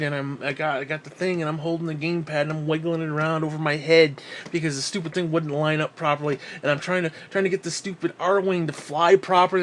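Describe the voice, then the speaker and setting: Fired-up man ranting, cursing freely. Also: on the high side. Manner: angry, profane, sarcastic ranting. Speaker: gaming channel host. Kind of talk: ranting game review.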